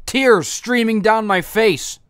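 A high-voiced man rants in a stream of exasperated profanity. His face is numb from the dentist, yet he keeps hammering on his complaints. The sound is dry and close. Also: slow pace, a bit bright, clean tone, no room sound. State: half his face numb from dental work. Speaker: podcast host. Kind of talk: angry comedic rant.

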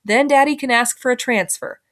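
Soft-spoken mother, patient, calm and reassuring, storybook voice, read by a woman. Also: a little high, a little fast, voice pushed up, close to an everyday voice. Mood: soothing.

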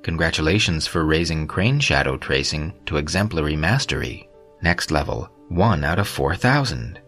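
A man voicing a game-like system interface that announces upgrades in a flat, formal way. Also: extremely low pitch, moderate pace, faint music behind, full character voice. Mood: announcing.

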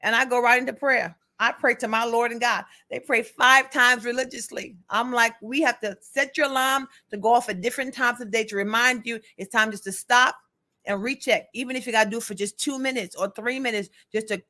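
A middle-aged woman with a bright, clear voice leads an online Bible study. She greets viewers by name as she reads their comments. Then she turns to urging them, plainly and earnestly, to keep praying. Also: fairly high pitch. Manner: greets viewers by name while scrolling comments, conversational and exhortative.

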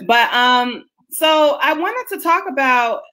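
A woman's voice: high voice, expressive, slow, sharp tone, slight background noise. A woman hosting a casual livestream chat over a video call, chatty and explaining as she tells stories. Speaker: host.

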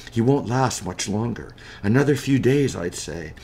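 A man doing a grave, hushed old doctor. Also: medium pitch, measured pace, natural voice. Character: grave male doctor, older, weary.

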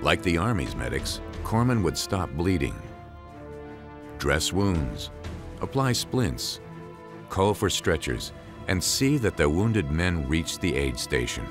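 A man narrates a history documentary in an extremely deep, low voice. His delivery is measured and solemn, and music plays clearly underneath him. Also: very animated. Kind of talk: scripted narration.

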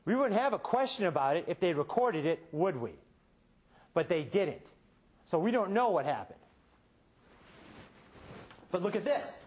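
A defense attorney making a closing argument to a jury, pressing rhetorical questions with dramatic pauses and sudden shifts between quiet and emphatic. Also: male voice, sits high, very animated, slightly rough. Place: courtroom.

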